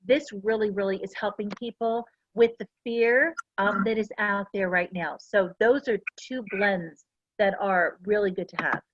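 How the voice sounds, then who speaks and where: A woman's voice: mid-range voice, a little slow, lo-fi sound, a little hiss or hum. A middle-aged woman giving a casual, earnest talk to a class, full of personal stories. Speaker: essential oils presenter.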